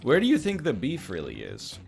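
A man's voice: medium pitch, wildly swooping pitch, moderate pace, gravelly, darkish tone, faint music behind. A man hosting a casual podcast chat, joking and mock-indignant. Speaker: podcast host.

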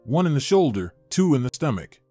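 A man reading the part of a tense, vengeful young woman who speaks quietly. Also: medium pitch, very animated, fairly quick, dry recording, soft background music.

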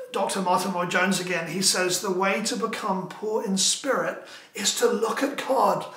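A man's voice: high voice, a bit bright. A man preaching a sermon as pastor, emphatic and repetitive, with lines echoed back and forth. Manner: emphatic, repetitive call-and-response phrasing. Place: church.

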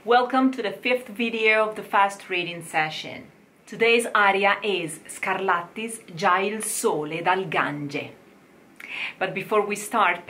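Slow-paced woman teaching diction. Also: medium pitch, pushed and bright. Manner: slow, repeating words for the listener to copy. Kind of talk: online diction lesson.

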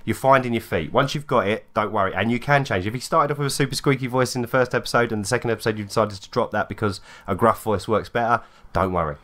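A man's voice: lowish voice, fast, fairly bright tone. Guy chatting on a podcast, easygoing, lots of yeah yeah. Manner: agreeable, laughing, chatty. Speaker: podcast co-host. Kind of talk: casual chat.

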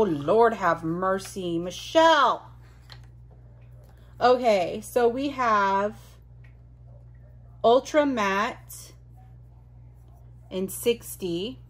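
Slow-talking woman gushing over an unboxing. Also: medium pitch. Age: adult. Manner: gushing, exclamatory, chatty. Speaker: vlogger unboxing mail. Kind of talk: casual unboxing chat.

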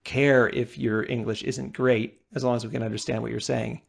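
A man's voice: mid-range voice, level tone, normal speed, creaky. An American man co-hosting a podcast, talking casually and thoughtfully, building his points step by step. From United States. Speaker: podcast co-host. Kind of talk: casual chat.

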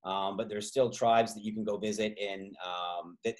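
A man's voice: fairly low pitch, fairly even intonation, normal speed, a little mellow. A man from Canada hosting a travel trivia game over a video call, rambling through side stories with many fillers. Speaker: trivia host and tour guide.

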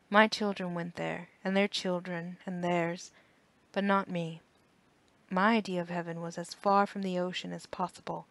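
A woman voicing a gentle, patient elderly widow who speaks kindly and softly in an audiobook. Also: fairly low pitch, dry recording, lightly acted.

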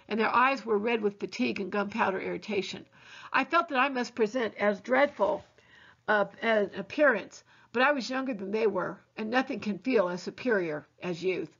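Woman reading a novel aloud, gravelly. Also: mid-range voice. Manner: earnest, steady reading with small slips. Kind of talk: novel read-aloud narration. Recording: dull lo-fi recording.

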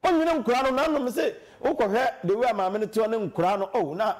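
A man hosting a talk show, chatting casually in a quick, animated way. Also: high voice. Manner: quick, animated, laughs often. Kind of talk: casual chat.

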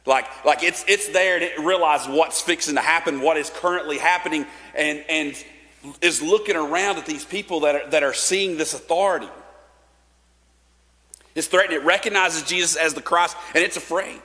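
A man's voice: on the high side, normal speed, bright, forceful tone. Man preaching in reverberant church. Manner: casual, conversational, with filler likes and restarts. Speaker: pastor. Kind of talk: sermon. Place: church sanctuary.

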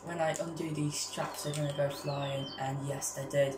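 Low-voiced woman chattering to viewers. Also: normal speed, roomy sound, noisy background. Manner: excitable, keeps addressing viewers as guys. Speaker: gaming vlogger. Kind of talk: casual gameplay commentary.

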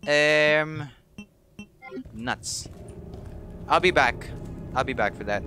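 A man giving casual, excitable, jokey commentary while playing a video game. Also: a little high, very slow, over music. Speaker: let's play gamer.

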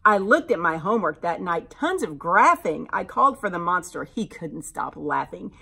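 Husky-voiced woman reading a storybook aloud. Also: lowish voice, moderate pace, few pauses. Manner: animated, expressive storyteller. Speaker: teacher reading to children. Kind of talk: reading a rhyming picture book aloud.

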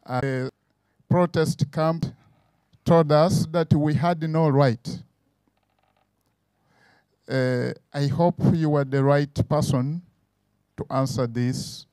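A man moderating who asks a question deliberately, pausing on "uh". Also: fairly high pitch, fairly even intonation, dark tone, clear, resonant tone, no room sound. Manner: deliberate, with "uh" pauses.

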